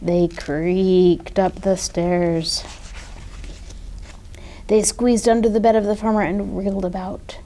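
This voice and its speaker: A woman reads a children's picture book aloud, taking her time over each line. Her voice is mellow and soft-edged, and her telling is gentle and expressive. She speaks as a children's librarian sharing a favorite story. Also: medium pitch, takes it slowly, long pauses.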